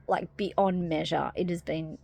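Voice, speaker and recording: A woman talking casually to camera in a spiritual vlog, rambling softly with many fillers. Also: lowish voice, fairly even intonation, measured pace, vocal fry, no room sound. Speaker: spiritual vlogger.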